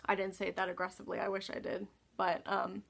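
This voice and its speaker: A woman's voice: mid-range voice, monotone, fast, creaky, husky. A woman vlogger telling a story in a casual, exasperated way, sighing often and swearing freely.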